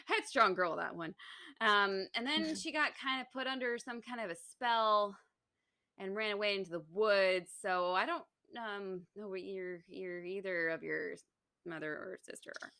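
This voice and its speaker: A woman's voice: medium pitch, normal speed, bright, forceful tone. A woman co-hosting a podcast, casually retelling a story, reading passages aloud and laughing often. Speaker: podcast co-host.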